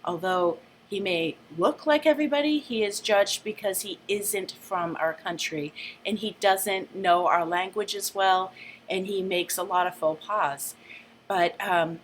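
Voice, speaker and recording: A woman teacher reading a book aloud with a lively, shifting delivery, then summing it up casually. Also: medium pitch, unhurried, a little hiss or hum.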